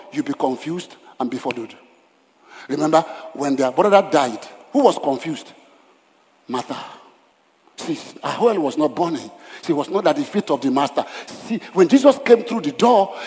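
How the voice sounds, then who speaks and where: A man preaching a sermon as pastor, emphatic, swinging between loud declarations and hushed lines. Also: on the high side. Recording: long hall reverb.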